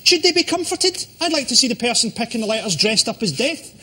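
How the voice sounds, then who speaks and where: A male comedian riffs on a panel show in a high voice that swoops up and down. His jokes are sardonic and sweary. Loud studio noise runs under everything. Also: sing-song, fast talker. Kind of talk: stand-up style banter. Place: TV studio with live audience.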